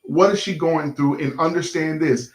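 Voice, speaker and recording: Animated pastor with a higher voice. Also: male voice, moderate pace, roomy sound. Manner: animated preacherly talk with many fillers and self-corrections. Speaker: pastor and show host. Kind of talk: casual live-stream talk with his wife.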